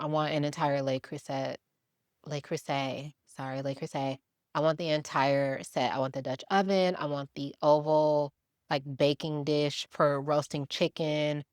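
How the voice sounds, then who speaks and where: A woman's voice: sits low, dry recording, clean studio sound. Chatty Wisconsin woman cooking at home. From Milwaukee, Wisconsin, USA. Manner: chatty, animated, talks to viewers while cooking, laughs often. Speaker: cooking vlogger. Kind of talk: casual chatty cooking vlog. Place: home kitchen.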